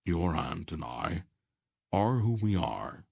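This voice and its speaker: Man voicing a calm, wise old sorcerer. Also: deep voice, gravelly, husky, no echo, full character voice. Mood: patient, lecturing. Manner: calm, measured, gently firm. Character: wise, dry-humored old male sorcerer. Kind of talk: audiobook character voice.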